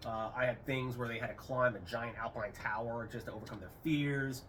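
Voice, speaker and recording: The man is a retired Air Force veteran in middle age, wandering through anecdotes during a relaxed interview and raising his voice to quote others with animation. His voice is mid-range and a little fast. Faint room noise comes through a somewhat distant microphone.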